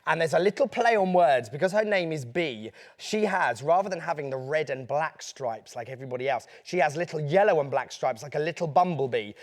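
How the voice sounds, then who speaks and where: A man's voice: a little high, animated, brisk, hardly any pauses. A man, a children's author, playfully hosting a live online event and answering kids' questions. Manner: playful, upbeat, chatty.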